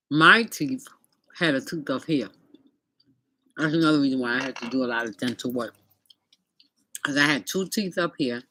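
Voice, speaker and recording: A woman's voice: a bass voice, bright, forceful tone, a little hiss or hum. A middle-aged woman vlogger telling a casual story, chatty and speaking straight to her viewers, sometimes eating as she talks.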